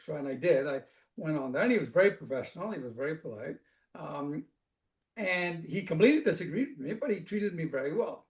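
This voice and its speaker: A man from Africa telling an animated, conversational story as a guest speaker, often restarting his sentences. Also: fairly high pitch, fairly quick. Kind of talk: storytelling talk. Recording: echoey room.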